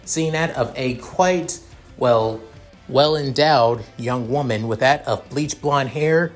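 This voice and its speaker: A man's voice: mid-range voice, takes it slowly, faint music behind. A man improvising a fan fiction narration, rambling with many restarts.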